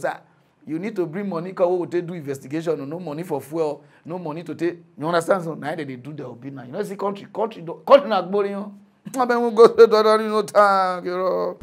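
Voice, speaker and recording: High-voiced excitable Nigerian Pidgin ranter. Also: male voice. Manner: excitable, laughing, big swings in loudness. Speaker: mock news commentator. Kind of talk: comic rant.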